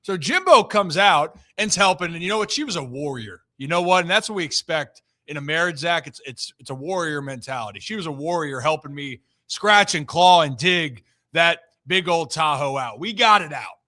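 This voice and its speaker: A man's voice: on the high side, lively intonation, normal speed, few pauses, bright, forceful tone. A young man hosting a sports talk show, ranting animatedly in a casual chat.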